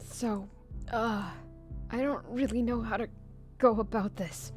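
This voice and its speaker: A young adult woman streaming a game, reading its text aloud and telling stories in a giggly, animated way. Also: on the high side, measured pace, soft background music.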